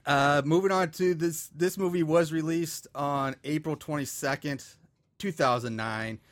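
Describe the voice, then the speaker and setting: A man's voice: fairly high pitch, fairly even intonation, unhurried, dry recording. A man hosting a casual podcast about bad movies, rambling and joking with lots of filler words. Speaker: podcast host.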